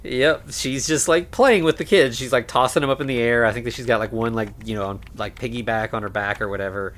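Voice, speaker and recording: A man co-hosting a podcast, casually recapping a film with lots of fillers and quick acted-out lines. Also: mid-range voice, fairly bright tone. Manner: laid-back, many fillers, acts out lines. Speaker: podcast co-host. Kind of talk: casual movie recap chat.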